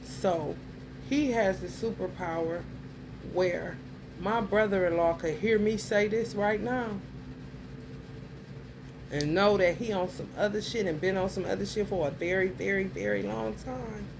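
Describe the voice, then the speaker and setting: A woman's voice: medium pitch, a little slow, vocal fry. A woman in a mid-range voice talks straight to her viewers in a blunt, heated rant. She swears freely as she works through her story, and a faint hiss sits under her voice. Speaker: vlogger. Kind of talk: casual monologue to camera.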